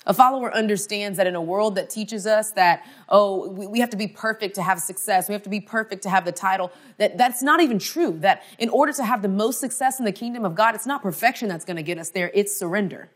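A woman's voice: medium pitch, fast, few pauses. A woman in her thirties giving a conference talk, telling a personal story with humor and preaching with strong emphasis. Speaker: speaker.

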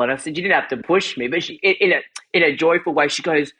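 A man's voice: fairly high pitch, animated, fast talker, pushed and bright, husky. A man co-hosting a podcast in casual conversation, telling stories animatedly, acting out quotes and laughing often. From European family background. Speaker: podcast co-host.

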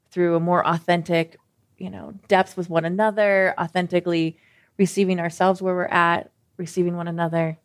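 Earnest woman podcast co-host. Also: lowish voice. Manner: earnest, gently reflective. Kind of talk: reflective faith podcast conversation.

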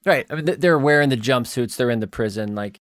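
A man's voice: mid-range voice, dry recording, clean studio sound. A man hosting a podcast, speaking reflectively with frequent restarts as he sets up a question. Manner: warm, reflective, halting with many restarts. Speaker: podcast host. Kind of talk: casual interview chat.

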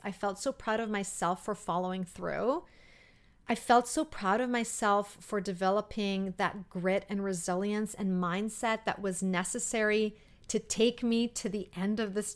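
A woman in her thirties hosting a podcast, telling a personal story in a heartfelt, emotional way, with many fillers and pauses. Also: medium pitch, fairly even intonation. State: emotional, near tears. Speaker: podcast host.

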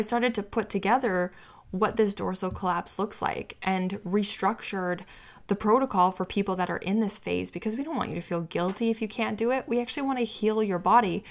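A woman's voice: medium pitch, a little fast. A woman hosting a solo podcast as a weight-loss coach, explaining in an earnest, teaching way and sometimes acting out what a client's inner voice says.

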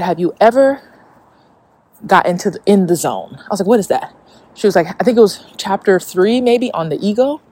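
A woman's voice: lowish voice, mellow, slightly rough, no echo. A woman hosting a casual spiritual podcast, talking in a chatty way with lots of fillers and frequent swearing. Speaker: podcast host.

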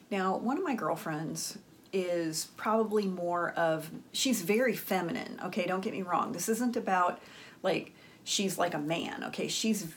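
A woman's voice: medium pitch, slight background noise. A woman hosting a relationship advice channel, talking emphatically to viewers and checking in with "okay?". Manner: emphatic, frequent "okay?" check-ins, acts out quoted dialogue. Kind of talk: direct-to-camera advice talk.

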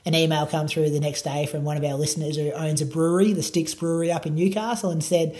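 Aussie bloke rambling away in a chatty interview, um and like everywhere, mellow warm voice. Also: male voice, fairly high pitch, steady tone, fast. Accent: Australian. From Australia. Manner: laid-back, rambling, lots of fillers. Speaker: podcast producer and running coach. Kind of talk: casual interview chat.

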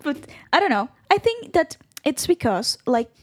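A woman's voice: high voice, big pitch swings, normal speed. A South American woman whose first language is Spanish, patiently explaining words in English on a casual podcast. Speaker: podcast guest, Spanish tutor. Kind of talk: casual chat.

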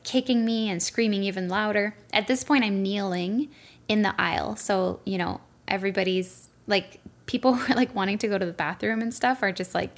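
A young woman hosting a solo podcast, telling a story in a chatty way with lots of fillers. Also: mid-range voice. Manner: chatty, lots of "like" and "you know". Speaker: podcast host; Reiki practitioner.

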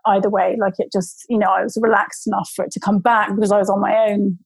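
Gravelly, rambling woman. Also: medium pitch, little pitch movement, fast talker, no echo, rough recording. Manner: rambling, many fillers and restarts. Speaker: guest telling her birth story. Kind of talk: casual storytelling.

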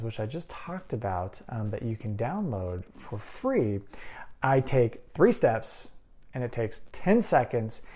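A man with a mellow, mid-range voice hosts a podcast, giving casual advice in an earnest, conversational way. He often checks in with a "right?".

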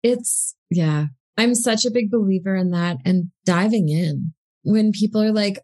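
A woman's voice: mid-range voice, moderate pace, darkish tone. A woman hosting a podcast interview, affirming and encouraging her guest in conversation. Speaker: podcast host.

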